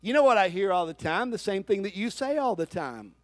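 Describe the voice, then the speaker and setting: A man's voice: high-pitched, lively intonation, brisk, no room sound, clean studio sound. A man preaching a sermon as pastor, talking straight to his congregation and calling for their responses.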